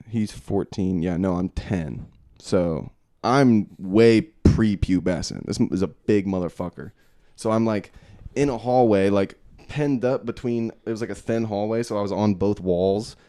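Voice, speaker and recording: Low-voiced young man swearing through stories. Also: a little slow, mellow, no echo, clean studio sound. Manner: profane, rambling storyteller. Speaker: podcast co-host. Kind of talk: casual chat. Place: unfinished basement.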